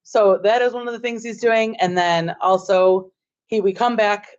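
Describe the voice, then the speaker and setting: A woman school administrator telling the school board a story in a chatty, excitable way, filling her talk with "like". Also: mid-range voice, moderate pace. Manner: chatty and excitable, heavy use of "like". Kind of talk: storytelling report at a board meeting. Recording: dull, muffled meeting audio.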